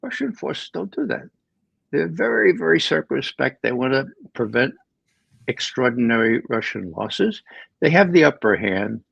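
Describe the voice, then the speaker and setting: A man with a gravelly, fry-edged voice gives emphatic political commentary as a guest, often doubling back on his words. The sound is dry and somewhat dull, with little room around it. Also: medium pitch, big pitch swings, moderate pace, fairly bright tone, dry recording. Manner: emphatic, with frequent repeated words and restarts. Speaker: guest analyst.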